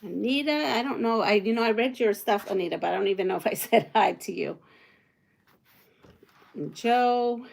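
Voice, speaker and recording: A woman's voice: mid-range voice, normal speed, vocal fry, pauses often. A woman hosting a quilting livestream from home, chatting casually with viewers and thinking aloud as she sews. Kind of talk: casual live chat while sewing.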